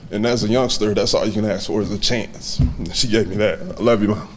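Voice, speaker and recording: A man in his twenties giving a heartfelt, halting acceptance speech to a banquet audience, with many fillers. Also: on the low side, a little hiss or hum. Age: 20s. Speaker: hall of fame inductee giving a speech.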